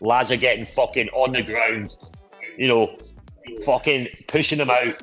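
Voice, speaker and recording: A man's voice: medium pitch, unhurried, a bit bright, faint music behind, low-quality recording. A man in casual chat, swearing constantly and telling boisterous stories with bursts of laughter. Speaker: podcast co-host. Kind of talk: casual pub-style chat.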